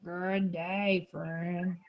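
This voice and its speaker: A woman's voice: on the low side, little pitch movement, extremely slow, highs cut off. A woman growling as a meek big-cat leopard. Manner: soft growling.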